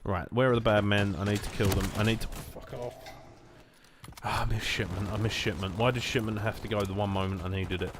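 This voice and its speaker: A man's voice: lowish voice, fairly even intonation, brisk, noisy background. A British man of twenty-seven giving casual, self-mocking gameplay commentary in a rambling, sarcastic way. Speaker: gaming streamer. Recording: loud gunfire over voice.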